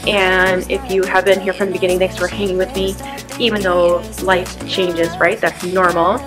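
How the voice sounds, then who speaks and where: Sitting in a parked car, a lifestyle vlogger in her thirties chats casually to the camera about what she eats and her errands, with music underneath. Her voice is lowish and level at a moderate pace, and she's upbeat with plenty of fillers.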